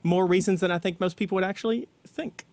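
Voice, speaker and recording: A man's voice: high-pitched, fast talker, a little mellow, dry recording. A man co-hosting a casual weekly news talk show, explaining at length with fillers. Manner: chatty, explanatory, many fillers. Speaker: co-host.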